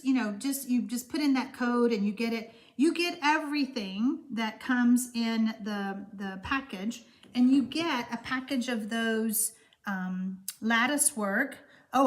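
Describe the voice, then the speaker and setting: A high-voiced Texan woman hosts a card-making live stream, chatting away and reading viewer comments aloud. Her manner is warm and gushing, rambling with plenty of fillers.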